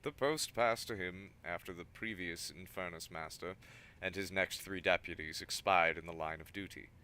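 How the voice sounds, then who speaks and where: Low-voiced man reading game text aloud. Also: normal speed, pushed and bright, a little hiss or hum. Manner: stumbles over words, adds asides. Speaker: streamer reading game dialogue.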